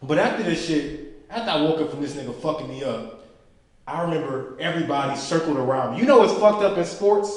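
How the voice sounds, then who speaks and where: Profane young comedian, high voice, echoey room. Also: male voice, animated, brisk. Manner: profane, storytelling, acts out friends' voices. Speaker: stand-up comedian. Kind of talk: stand-up comedy set. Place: small indoor venue. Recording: echoey room picked up from a distance.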